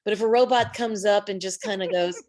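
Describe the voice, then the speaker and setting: A woman's voice: mid-range voice, brisk, a little mellow. A woman co-hosting a podcast, chatting playfully and laughing easily. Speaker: podcast co-host. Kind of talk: casual chat.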